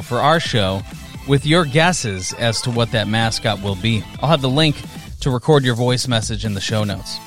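A man's voice: medium pitch, a bit bright. A man hosting a podcast, giving upbeat promotional announcements. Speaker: podcast host.

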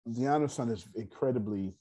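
A man leading a class in a casual, animated way, telling stories and talking straight to his audience. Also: medium pitch, normal speed. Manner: animated, digressive, addresses the audience directly. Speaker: class leader. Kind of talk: casual teaching and storytelling.

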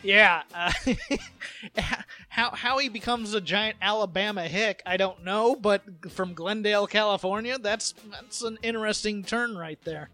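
A man co-hosting a podcast, rambling and animated as he tells stories and does quick impressions. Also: high voice, soft background music. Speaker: podcast co-host. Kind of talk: casual chat.

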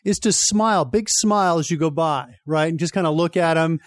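A young man with a high voice tells a story on a radio show, lively and quick to laugh. The sound is dry and close, with no room around it. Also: no echo. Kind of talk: casual storytelling chat.

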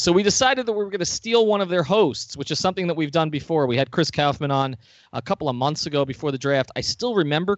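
A man hosting a podcast in casual chat, upbeat and quick to joke. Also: on the high side, no echo. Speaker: podcast host.

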